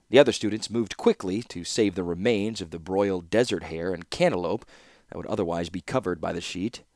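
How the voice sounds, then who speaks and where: A man narrates a fantasy novel with steady, even storytelling. His voice sits low, and the close, dry recording carries no room sound. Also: dry recording. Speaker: audiobook narrator. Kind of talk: scripted narration.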